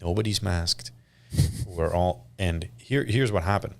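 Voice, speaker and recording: Deep, slow, and full of vocal fry, this Canadian man in his thirties is a guest on a podcast. He chats casually and tells stories with animation, acting out quoted lines.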